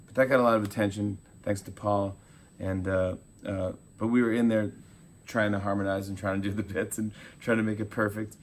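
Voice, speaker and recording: A man in his forties, a talk show host, telling animated stories in a casual interview and acting out quotes. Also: on the low side, fairly quick, slight background noise. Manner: animated storyteller, acts out quotes.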